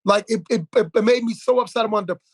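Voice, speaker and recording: A man in a casual podcast conversation, telling a story in an animated, indignant way. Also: high voice, quick pace, husky. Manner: animated storyteller, indignant, many fillers and restarts.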